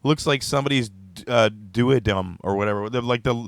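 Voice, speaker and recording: A man hosts a casual comedy talk show from a studio, joking loudly and breaking into laughter often. His voice sits at an ordinary middle pitch. The sound is dry and close, with almost no room echo. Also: a little fast, creaky. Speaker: show host.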